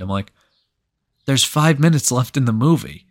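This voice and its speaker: Guy on a podcast rambling thru a story, lots of "like", swears a bunch, mid-pitched voice. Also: animated, fairly quick, pauses often. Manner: rambling, full of "like", swears freely. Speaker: podcast co-host. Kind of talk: casual storytelling chat.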